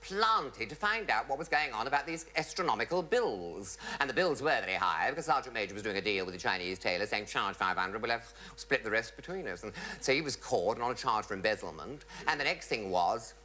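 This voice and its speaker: Theatrical storytelling man, lively bright voice. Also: medium pitch, fairly quick, few pauses. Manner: theatrical, swooping voices for quoted people. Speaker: comedian telling anecdotes. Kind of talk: stage anecdote before an audience. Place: television studio with audience. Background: audience laughter.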